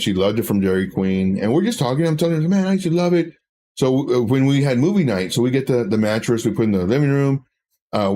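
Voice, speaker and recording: A man's voice: mid-range voice, a little mellow, slight background noise. A man doing a casual livestream, rambling through chart talk and personal stories as a crypto trading educator.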